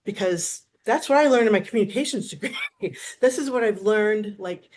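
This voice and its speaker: A woman's voice: mid-range voice, normal speed. A woman in her fifties, a therapist, telling stories in a casual interview, full of restarts and acted-out dialogue. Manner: animated, acts out quoted dialogue, frequent restarts. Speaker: therapist, guest.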